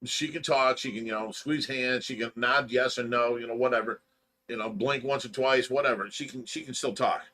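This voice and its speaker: With a medium-pitched, steady, sharp voice at normal speed, an older man runs a fish rescue livestream. He chats casually and rambles folksily, telling stories with pretend indignation.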